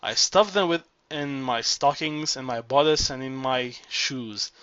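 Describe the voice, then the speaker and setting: A man reading the part of an old cabaret singer who loves her own legend, boasting with theatrical self-pity. The voice is bright and a little pressed, and the recording is dull and dry. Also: mid-range voice, unhurried, smooth, no echo, close to an everyday voice. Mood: boastful. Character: aging former cabaret singer, vain, flirtatious, self-pitying woman.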